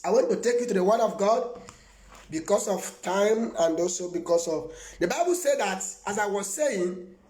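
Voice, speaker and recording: A man's voice: high-pitched, darkish tone, echoey room. A man with a Nigerian accent, a prophet preaching live to his viewers. He rambles emphatically, laughs often and answers viewers by name.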